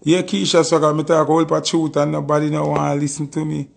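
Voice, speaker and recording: A man's voice: a little high, level tone, fairly quick, creaky. A man with a Jamaican Patois accent, talking casually on a live stream and telling a story with emphatic, repeated oaths.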